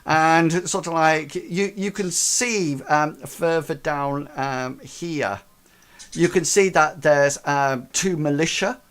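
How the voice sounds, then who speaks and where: A man's voice: a little high, takes it slowly, fairly bright tone, clear, resonant tone. A man narrating as game master, with loose rambling phrasing and many fillers.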